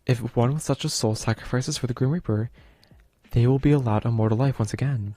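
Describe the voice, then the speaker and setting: A man's voice: mid-range voice, a little fast, warm tone, dry recording. A man streaming a visual novel, reading its narration aloud and breaking off to comment on the game. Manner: reads narration, breaks off to chat about the game.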